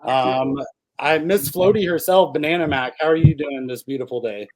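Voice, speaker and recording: Male host, upbeat and jokey, a touch higher voice than usual. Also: moderate pace, a little mellow, rough recording. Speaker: podcast host. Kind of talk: casual podcast chat.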